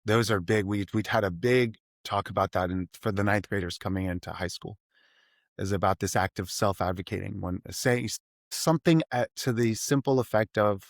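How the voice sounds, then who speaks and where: A middle-aged man, a math teacher and podcast guest, talking casually and animatedly, slipping into high put-on student voices as he tells stories. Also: moderate pace, dry recording, studio quality. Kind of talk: casual interview conversation.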